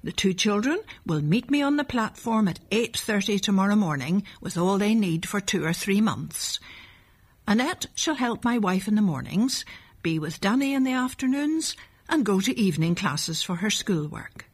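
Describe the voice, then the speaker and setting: A woman voicing a calm, kind middle-aged male doctor in a storybook reading, reassuring and firm. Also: medium pitch, moderate pace, slightly rough.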